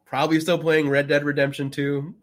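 A man's voice: a little high, flat delivery, a little fast. A man co-hosting a podcast in casual chat, rambling with lots of fillers and acting out quotes as he goes. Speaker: podcast co-host.

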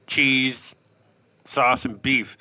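A man's voice: mid-range voice, drawn-out words, low-quality recording. A man in casual chat, telling a loose story full of "like" and "uh". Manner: relaxed storytelling with fillers.

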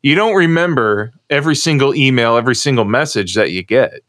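A man's voice: medium pitch, animated, a little fast, fairly bright tone, no room sound, studio quality. Rambling American man telling a story. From United States. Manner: rambling storyteller, many restarts. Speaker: co-host. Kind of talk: casual podcast chat.

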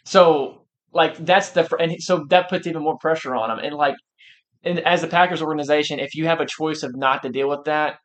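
A man with a slightly high voice chats about sports on a podcast. He talks emphatically and with lots of animation, often restarting his sentences as he pushes his point. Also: steady tone, brisk, fairly bright tone. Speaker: podcast co-host. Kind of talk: casual sports chat.

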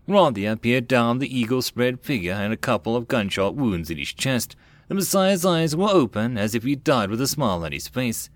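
A man narrating a web novel audiobook in a plain, even reading voice. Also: mid-range voice, moderate pace, no echo.

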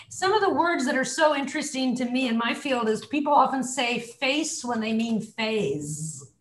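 Female voice coach, lively and demonstrative, slightly high voice, echoey room sound. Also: moderate pace. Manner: demonstrative, models sounds and words aloud. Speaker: voice and pronunciation coach. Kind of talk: coaching talk on a group video call.

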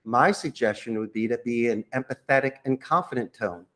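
A man who runs a call center, a guest on a podcast, coaching listeners on phone sales with lively acted-out sample calls. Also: medium pitch, a little fast. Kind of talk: podcast interview, coaching monologue.

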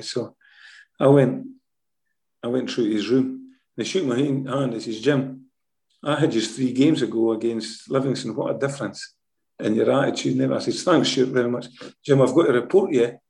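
Scottish man telling stories, mellow. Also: mid-range voice, normal speed, creaky, echoey room. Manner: lively storyteller, tags sentences with "eh?". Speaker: former football manager. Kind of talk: anecdotal interview storytelling.

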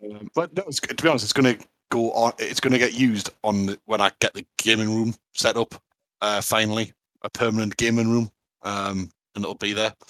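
A man's voice: fairly low pitch, steady tone, brisk, a bit bright, no echo. A man, co-hosting a podcast in enthusiastic casual chat, with lots of fillers. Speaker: podcast co-host.

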